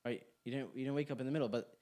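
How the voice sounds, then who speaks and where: A man's voice: mid-range voice, very fast, mellow. A young man teaching a class, talking casually and playfully, joking and throwing questions to the room. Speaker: class instructor. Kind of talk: interactive class talk. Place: community center classroom.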